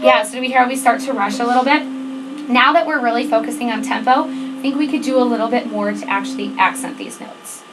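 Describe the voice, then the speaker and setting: A fairly high-voiced woman runs a band rehearsal, counting off and steering her students with steady directions. Band music plays clearly behind her in the rehearsal room. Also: fast talker, rough recording. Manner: directive, counts off tempo, checks in with "okay?". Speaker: band teacher. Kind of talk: rehearsal instruction. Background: student band playing.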